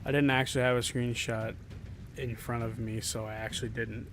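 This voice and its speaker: A man's voice: medium pitch, level tone, brisk, fairly bright tone, a little hiss or hum. A man streaming a game, joking casually and talking both to the characters and to his chat. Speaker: gaming streamer. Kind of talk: casual live gameplay commentary.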